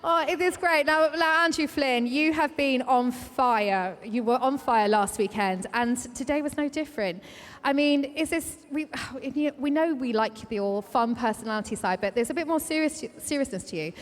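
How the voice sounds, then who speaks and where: A high-pitched woman reporter chats with athletes in a bubbly, teasing manner. Her voice rings out with the long reverb of a big indoor arena. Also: moderate pace. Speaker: trackside reporter. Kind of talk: sports interview.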